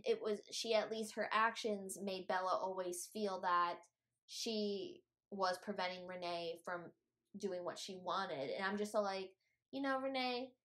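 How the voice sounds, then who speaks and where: A young woman with a mid-range voice, co-hosting a casual podcast. She rambles and restarts her thoughts, sometimes rushing ahead in quick bursts as she makes her point. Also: medium pitch, fairly bright tone. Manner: rambling, restarts, fast bursts, mild cursing. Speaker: podcast co-host. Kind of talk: casual chat.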